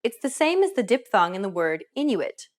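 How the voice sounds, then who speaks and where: A woman presenting a scripted language lesson, with upbeat and clear instructional delivery. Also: a little high, sing-song, normal speed. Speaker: language teacher.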